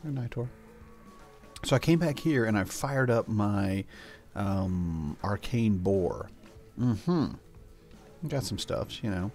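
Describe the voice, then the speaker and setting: A man's voice: lowish voice, expressive, slow pace, pauses often, darkish tone. An older man hosting a gameplay video, chatting casually in a rambling way. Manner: rambling, chatty, coos at his pets. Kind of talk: casual let's-play commentary. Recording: faint background music.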